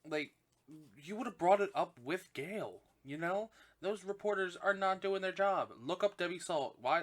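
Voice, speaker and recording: A man hosting a podcast, recapping a film in casual chat, swearing constantly and gushing or fuming as he retells the plot with fillers and quick self-corrections. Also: fairly high pitch, a bit bright. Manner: profane, gushing and indignant, heavy swearing. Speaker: podcast host.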